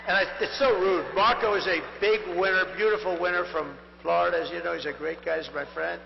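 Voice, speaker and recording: Gravelly older man at a rally. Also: sits high, fairly even intonation, brisk. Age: 70s. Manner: rambling, repetitive, boastful asides. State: strained, tiring voice. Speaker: political candidate. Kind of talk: campaign rally speech. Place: large rally venue. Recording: dull echoing hall feed with hum.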